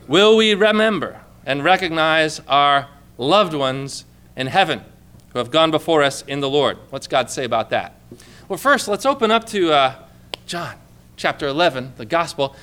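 A male pastor preaches to his congregation in a high, bright voice. His delivery is clear and conversational, full of questions to the room and calls for an amen. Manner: conversational preaching with many rhetorical questions, asks for amens. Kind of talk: sermon. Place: church with a congregation.

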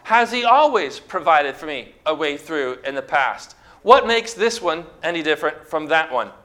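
Bright-voiced, emphatic male preacher. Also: on the high side, very animated, normal speed. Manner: emphatic, exhorting, rising to shouts. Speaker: pastor. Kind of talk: sermon.

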